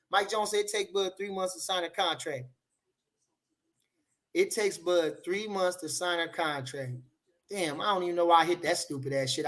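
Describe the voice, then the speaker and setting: A man hosting a live boxing talk show, reading the chat aloud and trash-talking loudly with plenty of profanity. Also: very high voice.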